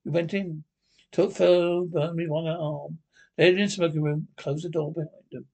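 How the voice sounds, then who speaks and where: Man narrator, gravelly, slightly high, unpolished storybook reading with slips. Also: fairly even intonation, normal speed, darkish tone. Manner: stumbling, self-correcting reading.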